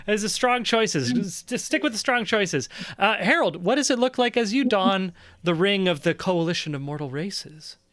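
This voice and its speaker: A man guiding a tabletop game as its game master, keen and full of encouragement. His voice sits a little high for a man. The sound is dry and close, with no room around it. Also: expressive, moderate pace, a bit bright, no echo. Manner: enthusiastic, encouraging.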